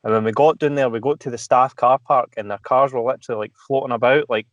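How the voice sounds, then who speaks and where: A man's voice: medium pitch, fairly even intonation, quick pace, no room sound, lo-fi sound. A Scottish man chatting casually as a podcast guest, swearing freely and laughing as he tells stories. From Scotland. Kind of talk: casual chat.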